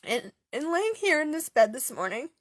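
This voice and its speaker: A young woman telling a personal story through tears, halting and stopping often with fillers and pauses. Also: high voice, big pitch swings, dry recording, clean studio sound. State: tearful, voice breaking. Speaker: author sharing a personal story. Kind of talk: emotional personal testimony.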